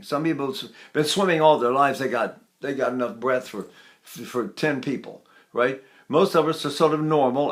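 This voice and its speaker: An older man giving a singing lesson, explaining technique in a folksy, demonstrative way and breaking into sung vowels to show his points. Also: medium pitch. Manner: folksy, demonstrative, sings sample vowels and laughs between points. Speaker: voice teacher.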